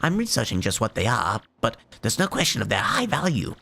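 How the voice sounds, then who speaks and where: A hoarse man voicing a fawning old female witch servant who talks in a simpering, overly polite way. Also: fairly low pitch, wildly swooping pitch, a little fast, sharp tone, exaggerated voice.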